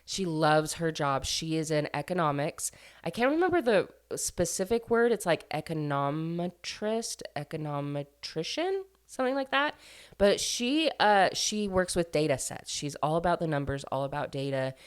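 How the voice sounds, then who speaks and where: A woman's voice: low voice, big pitch swings, normal speed, clear, resonant tone. A young woman casually summarizing a book she reviews, chatty, with many fillers and restarts.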